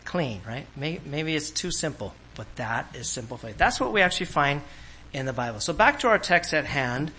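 Pastor from California, bright, forceful voice, animated storyteller. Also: male voice, on the high side, normal speed, slight background noise, poor audio. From Orange County, California. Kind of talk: sermon.

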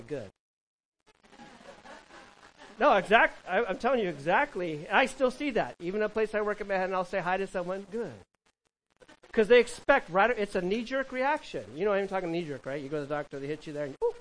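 A fairly high-voiced man from California delivers a conversational sermon, often turning to the room with questions. He animates his points by acting out everyday voices. A faint hiss sits under the recording. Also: animated, quick pace, hardly any pauses, a bit bright, low-quality recording. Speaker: pastor.

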